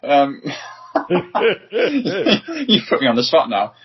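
A man hosting a podcast, speaking in a hesitant, halting way as he wraps up the interview. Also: fairly high pitch, huge pitch swings, a little hiss or hum. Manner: hesitant, halting, with fillers and restarts. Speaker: podcast host. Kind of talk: casual interview wrap-up. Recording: dull lo-fi podcast audio.

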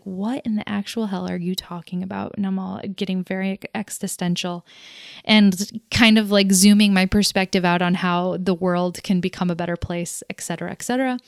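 A woman talks through a loose, reflective monologue as host, drifting off on tangents and laughing at her own remarks. Her voice is smooth and clear. It is recorded close and dry, with no room sound. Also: medium pitch, fairly even intonation, moderate pace, dry recording. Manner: rambling, goes off on tangents; laughs at herself.

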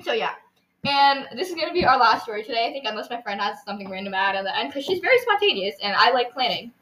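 A woman's voice: a little high, big pitch swings, fast talker, a bit bright, echoey room, rough recording. A teenage girl hosting a podcast, telling stories in a giggly, rambling way with lots of fillers. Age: teens. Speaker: podcast host. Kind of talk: casual storytelling chat.

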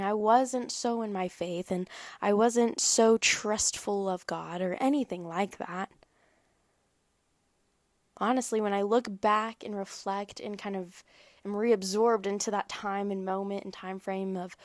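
A woman's voice: medium pitch, no room sound. Earnest young woman, dry close sound. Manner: earnest, rambling, conversational. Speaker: faith vlogger. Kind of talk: personal faith talk to camera.

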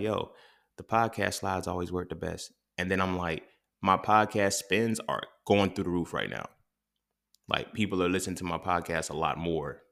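A man's voice: low-pitched, gravelly, fairly bright tone. A man, hosting a podcast and musing in a casual, profane, rambling monologue full of restarts. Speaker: podcast host. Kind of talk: impromptu monologue.

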